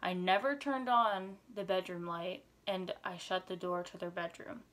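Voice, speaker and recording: A woman's voice: on the low side, steady tone, moderate pace, a bit bright. A teenage girl vlogger telling a dramatic personal story in a chatty way, full of "like", sometimes dropping to a whisper. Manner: drops to whispers for tense moments. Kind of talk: storytime vlog.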